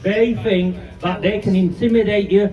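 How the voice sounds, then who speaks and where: A man's voice: high-pitched, fairly even intonation, moderate pace, mellow. A man, giving an angry, defiant speech at a street protest. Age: 50s. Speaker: campaigner speaking at a rally. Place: outdoor street rally. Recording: distant, muffled, noisy outdoor recording.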